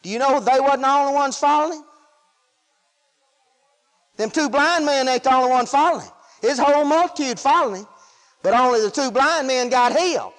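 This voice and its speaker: A preacher delivers a sermon in a strikingly high voice. His talk is folksy, swinging from shouts to quiet asides, and the sound hangs in a long hall reverb. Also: a little fast, long pauses.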